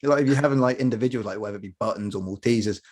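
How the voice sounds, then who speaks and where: A man's voice: lowish voice, racing, darkish tone. A young man co-hosting a podcast in casual chat, chatty and laughing along. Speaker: podcast co-host.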